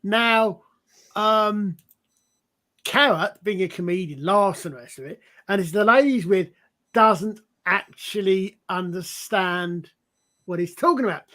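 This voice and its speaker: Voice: mid-range voice, measured pace, bright, forceful tone. A panel guest telling a comedy story in a casual, rambling way with frequent restarts. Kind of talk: casual chat.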